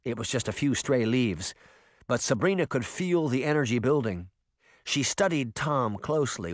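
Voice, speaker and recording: A man narrating a fantasy audiobook in an expressive reading voice. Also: mid-range voice, no room sound, clean studio sound. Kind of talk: scripted narration.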